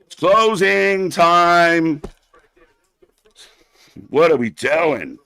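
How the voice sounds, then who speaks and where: Man, fairly high voice, dry close mic; blunt, sarcastic wrestling stream host, swears a lot, heated rants. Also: expressive, drawn-out words, vocal fry, pushed and bright, clear, resonant tone, dry recording. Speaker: live-stream wrestling commentator. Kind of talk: profane ranting watch-along commentary.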